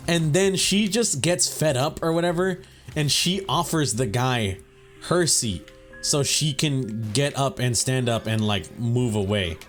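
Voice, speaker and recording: A young man, host of a gaming channel, rambling through a casual story over gameplay, swearing often and saying "bro" and "you know.". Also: medium pitch.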